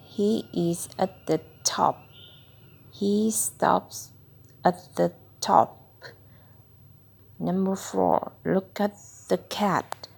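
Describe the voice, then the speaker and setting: A woman reads a children's phonics lesson aloud at a very slow, careful pace, sounding out each word. Her voice has a gravelly, creaky edge. She paces it like a patient tutor working through the book with a child. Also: mid-range voice, fairly even intonation, darkish tone. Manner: slow, deliberate word-by-word reading. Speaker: reading tutor.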